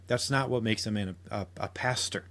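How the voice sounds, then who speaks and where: A man's voice: fairly low pitch, brisk, fairly bright tone. Earnest man arguing on a podcast. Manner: earnest, argumentative, frequent restarts. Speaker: podcast host. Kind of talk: solo podcast commentary.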